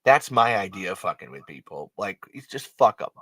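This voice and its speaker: A man hosting a casual podcast, talking in an animated, profane way with frequent laughs and stumbling restarts. His voice is bright and forceful. The sound is dry and close, with no echo. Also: lowish voice, brisk. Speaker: podcast host.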